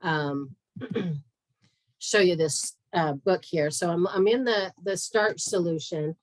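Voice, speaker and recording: A woman's voice: fairly low pitch, takes it slowly, no echo, rough recording. A woman hosting a health talk, walking through a slide with chatty asides and many fillers. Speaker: podcast host and health practitioner. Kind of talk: casual presentation over screen share.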